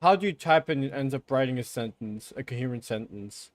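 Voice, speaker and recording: A man streaming a game, giving casual commentary with sarcastic remarks, frequent swearing and excitable outbursts. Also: mid-range voice, fairly quick, no echo.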